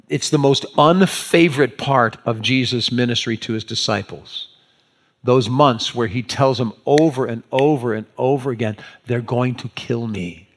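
A pastor preaching an animated sermon, acting out the scenes as he tells them. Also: mid-range voice.

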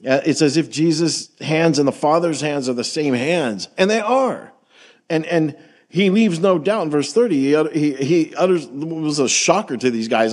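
A man preaching a sermon in a relaxed, conversational way, reading scripture and asking the congregation questions. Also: fairly high pitch, moderate pace. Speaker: pastor.

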